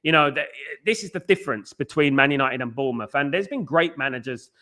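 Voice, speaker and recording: Hosting a football chat show as a podcast host, a man reads live messages from viewers in a medium-pitched voice that is fast, expressive, pushed, and bright. It's casual fan chat: he rambles, restarts often, and keeps saying "mate" and "you know what I mean."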